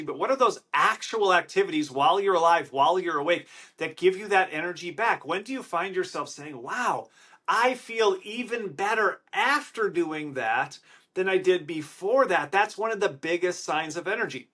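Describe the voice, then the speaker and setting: Wisconsin-accented male podcast host, high and sharp, nasal, loud and emphatic motivational talker. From Wisconsin, USA. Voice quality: nasal, slightly congested-sounding. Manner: loud, excited, emphatic delivery. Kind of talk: energetic motivational podcast monologue. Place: hotel room.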